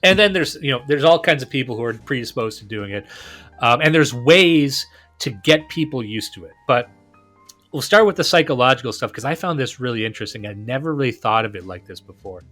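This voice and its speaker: A man's voice: medium pitch, animated, brisk, fairly bright tone, faint music behind. A man hosting a podcast, talking casually and enthusiastically, often restarting and repeating words. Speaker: podcast host.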